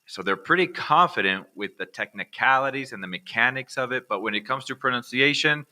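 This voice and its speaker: An American man teaching accent reduction in a relaxed, conversational way, often checking in with "all right". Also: medium pitch, a little fast. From United States. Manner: casual, repeats "all right" as a check-in with viewers. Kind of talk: recorded online lesson.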